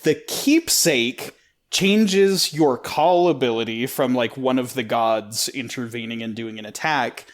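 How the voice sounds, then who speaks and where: A man's voice: mid-range voice, measured pace. A man co-hosting a casual podcast, rambling about a video game with lots of filler words. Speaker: podcast co-host.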